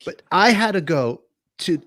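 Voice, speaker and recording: A man hosting a podcast, excitable and self-mocking in casual interview chat. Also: sits high, measured pace, dry recording, studio quality. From Brooklyn. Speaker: podcast host.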